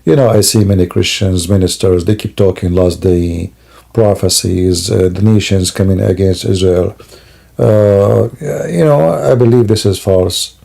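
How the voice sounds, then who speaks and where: Sleepy home streamer, man, dark gravelly voice, rambling monologue. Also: deep voice, fairly even intonation, a little slow. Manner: rambling, broken grammar, many fillers. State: sleepy and yawning. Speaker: Christian apologist streamer. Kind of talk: casual live-stream monologue. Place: home, at a computer at night.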